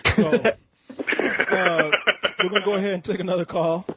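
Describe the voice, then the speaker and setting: A man's voice: high voice, steady tone, normal speed, very noisy. Joking man hosting a call-in show. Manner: joking, laughing, crude banter. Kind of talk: casual call-in chat. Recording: slightly dull lo-fi audio.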